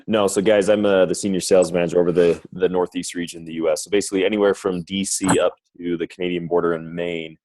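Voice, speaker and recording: Low-voiced upbeat sales manager. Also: male voice, level tone, fast, hardly any pauses, a little mellow, no echo, rough recording. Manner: upbeat, rambling, says guys and right often. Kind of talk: conference call presentation. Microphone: phone line.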